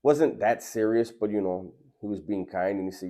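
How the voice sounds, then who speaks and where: Socal guy telling a story, lowish mellow voice, slangy and chill. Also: moderate pace, few pauses. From Southern California. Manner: laid-back, slangy, earnest. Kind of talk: casual personal storytelling.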